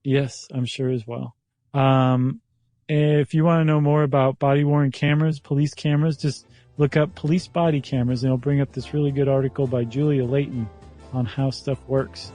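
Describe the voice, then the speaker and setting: Mellow-voiced male podcast co-host. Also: mid-range voice, flat delivery, no echo, faint music behind. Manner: friendly, quick asides and laughs. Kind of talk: casual chat.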